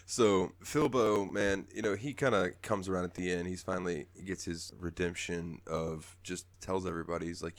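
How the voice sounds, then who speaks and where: A man with a deep voice, chatting loosely on a podcast, rambling, laughing and swearing as he goes. The sound is close and dry with no room around it. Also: steady tone, moderate pace, no echo. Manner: laid-back, rambling, laughs often, swears. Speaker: podcast co-host. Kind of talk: casual game review chat.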